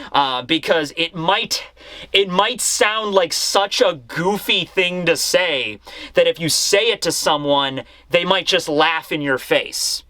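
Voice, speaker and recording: A young man casually reviewing a manga chapter, animated and acting out scenes as he goes. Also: fairly high pitch, slow pace, dry recording.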